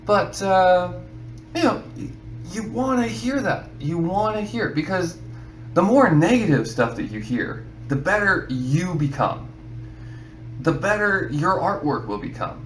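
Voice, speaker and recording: A man's voice: high-pitched, sing-song, unhurried, faint music behind. Rambling man in an echoey room. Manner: rambling, repeats himself, many "you know"s. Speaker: artist giving advice. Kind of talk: casual advice talk to camera.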